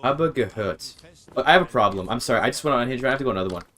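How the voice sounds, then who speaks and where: A man's voice: mid-range voice, lively intonation, racing, fairly bright tone. A man streaming a game, rambling and thinking aloud, often interrupting himself and swearing casually. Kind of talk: casual gaming stream chat.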